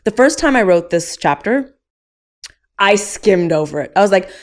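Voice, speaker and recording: A woman being interviewed as an author, talking candidly with quick asides. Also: medium pitch, expressive. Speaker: guest author. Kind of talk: casual interview chat.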